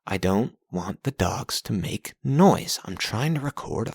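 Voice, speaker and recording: A man's voice: lowish voice, expressive, measured pace, creaky, darkish tone, husky, no echo, clean studio sound. A young man hosting a podcast from home on a pop-filtered mic, recapping his journal week in a casual, sarcastic, profane way and getting easily exasperated. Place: home recording setup.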